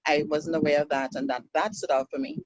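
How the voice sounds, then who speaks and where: A man's voice: a little high, fast, highs cut off, a little hiss or hum. A man in an acting class sharing what stood out to him, hesitant and restarting his sentences. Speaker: acting student.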